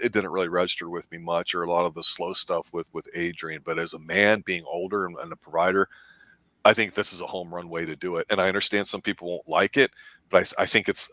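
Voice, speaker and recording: Brief: middle-aged man, very low voice, bright forceful tone, rambling film-talk host. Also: dry recording. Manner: rambling, animated, acts out film lines. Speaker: movie show host. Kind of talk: casual film discussion.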